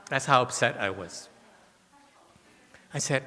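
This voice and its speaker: A man's voice: mid-range voice, unhurried, pauses often, a bit bright, in a large hall. A man giving a Buddhist dharma talk, telling stories animatedly and tossing rhetorical questions to his listeners. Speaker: Buddhist teacher. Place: temple hall.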